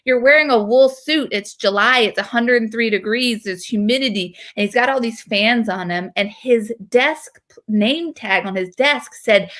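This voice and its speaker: Woman in her thirties, from North Carolina, animated chatty storyteller, lots of fillers, casual. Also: medium pitch. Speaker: host.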